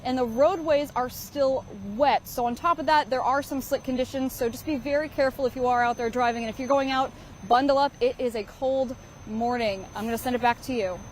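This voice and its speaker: A woman's voice: sits high, steady tone, a little fast, a little hiss or hum. A young woman, a TV weather anchor and field reporter, explaining forecasts in an upbeat broadcast manner.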